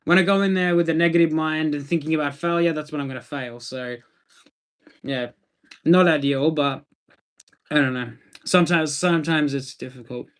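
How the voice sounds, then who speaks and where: A man's voice: a little high, steady tone, normal speed, smooth. An Australian man chatting casually on a livestream, laid-back and rambling as he answers viewer comments.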